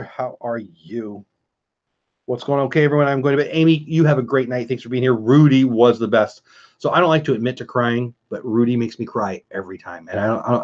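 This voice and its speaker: A man's voice: mid-range voice, darkish tone. A middle-aged man from California hosting a casual late-night livestream, rambling chattily and greeting viewers by name. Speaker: livestream host. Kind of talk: casual livestream chat reading viewer comments. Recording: slightly dull lo-fi stream audio.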